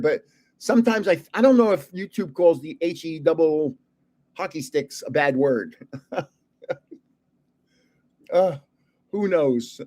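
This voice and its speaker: An older man hosting a casual livestream, rambling through anecdotes and chuckling often between sentences. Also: sits high. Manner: rambling anecdotes told with self-corrections. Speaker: host of a trading card livestream. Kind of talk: casual livestream chat with storytelling.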